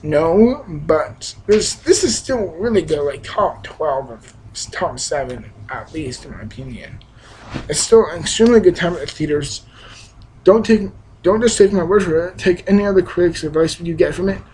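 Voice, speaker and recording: A man's voice: fairly high pitch, expressive, moderate pace, a little mellow, slight background noise, low-quality recording. A young man giving a casual, rambling film review, with frequent restarts, fillers and emphatic bursts. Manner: enthusiastic, emphatic. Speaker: movie reviewer.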